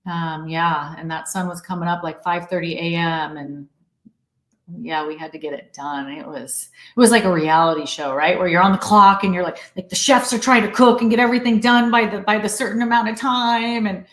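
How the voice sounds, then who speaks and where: Animated woman storyteller in a roomy space. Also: fairly low pitch, a little fast. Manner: animated storyteller, acts out quotes. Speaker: actress guest. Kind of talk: casual interview chat. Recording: roomy echo.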